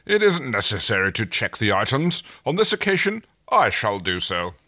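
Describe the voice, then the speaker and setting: A man's voice: fairly low pitch, sing-song, moderate pace, pushed and bright, no room sound, studio quality, full character voice. A man voicing a pompous royal alien ruler in a haughty, grandly theatrical manner. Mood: condescending.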